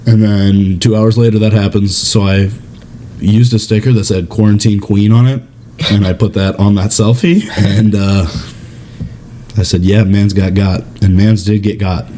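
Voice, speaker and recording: Low, mellow-voiced young man telling stories. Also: moderate pace, slight background noise. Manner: profane, animated storyteller who acts out others in a high voice. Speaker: podcast co-host. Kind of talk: casual chat.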